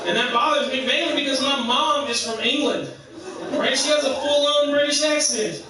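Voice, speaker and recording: High-voiced Southern US man, stand-up. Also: normal speed. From American South. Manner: conversational, self-mocking. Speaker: stand-up comedian. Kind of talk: stand-up comedy. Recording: echoey distant club stage mic.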